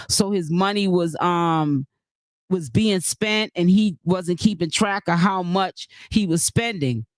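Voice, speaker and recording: A casual live-stream commentator talks at a middle pitch, rambling through points with plenty of fillers and restarts. The host keeps breaking off to thank and greet viewers by name from the chat. The sound is close and dry, with no room around it. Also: dry recording.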